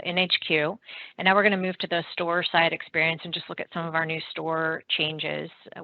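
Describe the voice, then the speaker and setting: A woman presenting a software product demo, explaining features step by step in a steady way with some fillers. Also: lowish voice, highs cut off.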